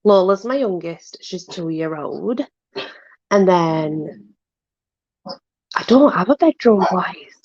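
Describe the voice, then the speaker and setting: A woman's voice: lowish voice, expressive, takes it slowly, long pauses, darkish tone, no echo, dull audio. A woman chatting casually, apologetic and self-deprecating, fussing over her dogs. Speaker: channel host with dogs. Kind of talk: casual chat.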